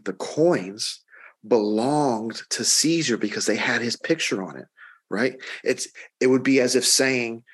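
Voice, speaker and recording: A man's voice: medium pitch, breathy edge. A middle-aged man preaching a sermon in a loose, conversational way, often repeating words and checking in with "right?". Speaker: pastor.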